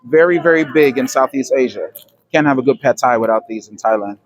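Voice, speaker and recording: Strolling the aisles of a supermarket indoors, an American travel vlogger talks at a fairly quick pace in a mid-range voice. He keeps it casual, chatting and going over prices for his audience.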